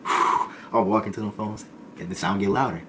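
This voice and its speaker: A man's voice: on the low side, fairly even intonation, normal speed, pushed and bright, slight background noise. A man telling a story in a casual, slangy way, now and then acting out other people's voices.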